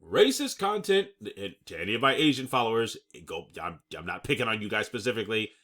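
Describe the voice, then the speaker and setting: A man's voice: lowish voice, quick pace, pushed and bright. A man hosting his own channel, reading out news reports and commenting on them emphatically, often checking in with "okay?" and laughing off his own stumbles. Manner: stumbles over words and laughs at himself. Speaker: channel host.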